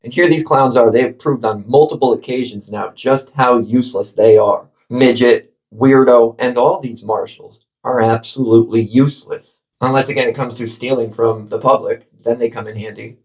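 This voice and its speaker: A man's voice: medium pitch, fairly even intonation, moderate pace, hardly any pauses, slightly rough. A man filming outside on a public sidewalk, arguing and mocking people in a combative, sarcastic way, and narrating over his own footage. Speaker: camera-carrying activist filming a courthouse. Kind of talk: narrated video commentary and street confrontation. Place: outdoors on a public sidewalk by a street.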